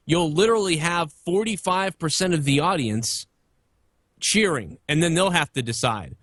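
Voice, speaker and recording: Casual male podcast guest, thirties, slightly high voice, dead-dry sound, rambling and profane. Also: a bit bright, no echo. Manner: opinionated, rambling, swears freely. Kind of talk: casual wrestling talk.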